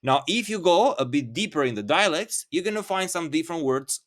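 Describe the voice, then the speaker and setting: A man's voice: fairly high pitch, expressive, brisk, fairly bright tone. A man teaching a vocabulary lesson, speaking patiently and repeating each word several times. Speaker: Albanian language teacher.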